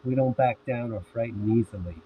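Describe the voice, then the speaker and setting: A man reading the lines of a gruff, sarcastic middle-aged father in a blunt, curt way. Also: mid-range voice, fairly quick, close to an everyday voice. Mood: grim. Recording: tinny phone-like audio with faint hiss.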